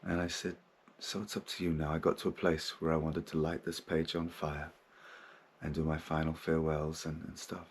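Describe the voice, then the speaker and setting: A man's voice: a bass voice, completely flat delivery, moderate pace, a little hiss or hum. A man hosting a spiritual podcast, talking frankly and casually, swearing freely. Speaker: podcast host.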